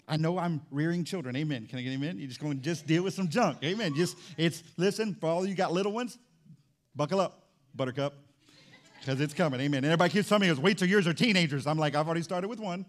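A middle-aged man preaching a sermon as pastor, telling family stories in a conversational way and calling on the congregation for amens. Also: on the high side. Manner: conversational storytelling, calls for amens.

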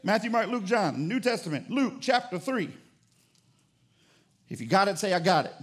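A male pastor preaching with a high voice and an emphatic, driving delivery. He fires rhetorical questions at the congregation and at times rises to shouted declarations. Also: very animated, normal speed, breathy edge. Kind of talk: sermon.

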